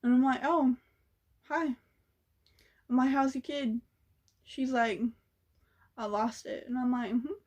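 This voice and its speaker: A woman's voice: sits high, steady tone, slow, pauses often, darkish tone. A young woman telling a story in a casual vlog, blunt and sassy, swearing freely. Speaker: vlogger.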